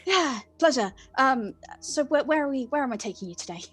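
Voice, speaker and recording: Lady doing a nervous lanky young guy helper, flustered and eager, high voice, dry sound. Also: lively intonation, fairly quick, fairly bright tone, breathy edge, no room sound, faint music behind, heavily acted.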